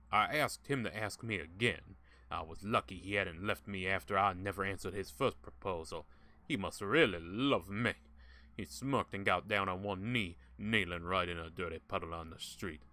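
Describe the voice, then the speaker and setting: A man's voice: sits low, sharp tone. A man voicing a woman who fondly recalls a marriage proposal, reading aloud in a put-on accent.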